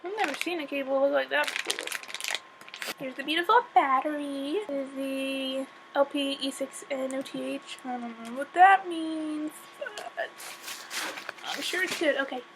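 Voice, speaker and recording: Excitable high-voiced young woman, teary. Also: measured pace, background noise. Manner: chatty, self-deprecating and excitable. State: teary, close to crying. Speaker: vlogger. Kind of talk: casual unboxing vlog.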